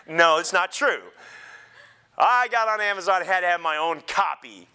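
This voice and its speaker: A man pastor preaching a sermon in an animated way, joking and laughing with the congregation. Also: fairly high pitch, normal speed, clean tone.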